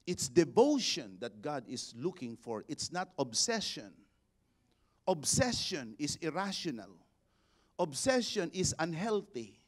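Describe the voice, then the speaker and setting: A bishop preaches a sermon, his somewhat high male voice moving at an unhurried, deliberate pace. He builds to loud, shouted exhortations and calls on the congregation to repeat after him. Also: sing-song. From Philippines. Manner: preaching with rising shouted exhortations and call-and-response.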